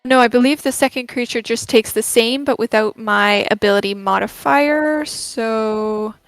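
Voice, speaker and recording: A woman taking part as a player in a tabletop game, talking through her moves in a deliberate way. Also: a little high, dry recording, rough recording.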